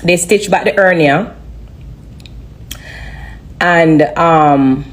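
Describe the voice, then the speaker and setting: A woman giving an earnest, halting personal testimony on a live stream, often repeating herself. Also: lowish voice. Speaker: livestreamer sharing a testimony.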